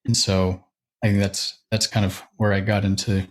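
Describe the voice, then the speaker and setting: A man's voice: on the low side, level tone, moderate pace. A young man, a church media director, talking casually as a podcast guest, rambling with fillers and light laughs. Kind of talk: casual interview chat.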